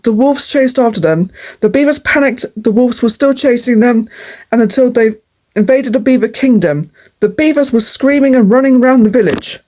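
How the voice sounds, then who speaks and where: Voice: medium pitch, moderate pace, darkish tone. A reader reading a storybook aloud with earnest, plain phrasing.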